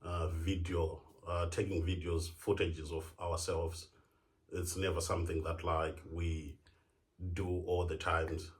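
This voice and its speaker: Man from Zimbabwe, very low voice, slow delivery, halting vlog talk. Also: little pitch movement. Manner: hesitant, halting, nervous on camera. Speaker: vlog co-host. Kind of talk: casual address to camera.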